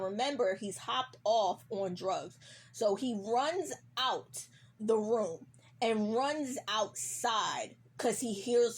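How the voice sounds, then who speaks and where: A woman's voice: mid-range voice, a little hiss or hum. A woman recapping a TV episode in casual, profane chat, acting out the characters' lines as she goes. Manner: animated, acts out characters' lines mid-story.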